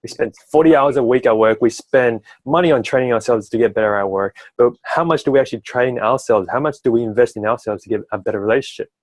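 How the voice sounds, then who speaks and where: A man's voice: mid-range voice, fast, few pauses, dry recording, poor audio. A man working as a relationship coach, talking at length in an advice-giving conversation and often tagging his sentences with "right?". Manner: talkative, tags sentences with "right?".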